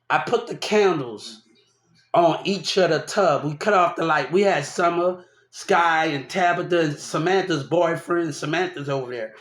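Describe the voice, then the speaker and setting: A man telling a long personal story in a loud, rambling, casual way, often laughing as he talks. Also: fairly high pitch. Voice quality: loud, animated, laughs often while talking. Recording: echoey room.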